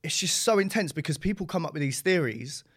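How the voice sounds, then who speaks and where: A man's voice: a little high, expressive, fast, fairly bright tone. A man chatting as a podcast guest, telling stories animatedly and laughing often. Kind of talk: casual chat.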